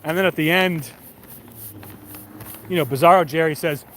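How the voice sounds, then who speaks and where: A man's voice: on the high side, moderate pace, long pauses, a bit bright, a little hiss or hum. A young man live streaming while walking a city street at night, chatting casually and profanely with his viewers. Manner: rambling and profane.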